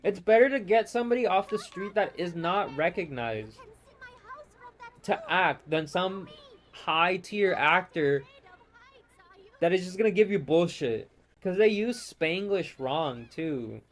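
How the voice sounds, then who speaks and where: A man's voice: sits high, lively intonation, measured pace, slight background noise. A man hosting his gaming channel, ranting casually and profanely over gameplay in an exasperated, rambling way.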